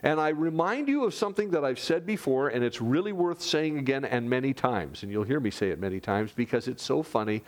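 A male pastor preaching a sermon in an earnest, conversational way, with dramatic drops to a hush. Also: mid-range voice, animated, fairly quick, hardly any pauses.

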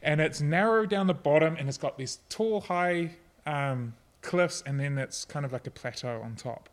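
A middle-aged man delivers a sermon with a slightly higher-than-usual voice. He speaks earnestly and personally, easing into softer, reflective passages. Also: normal speed. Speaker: pastor.

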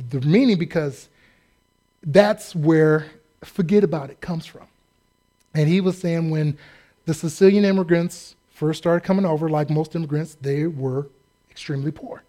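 A man preaching a sermon, telling a story with jokes and acting out the voices of the people in it. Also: a little high. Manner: animated, joking, acts out quoted voices. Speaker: pastor.

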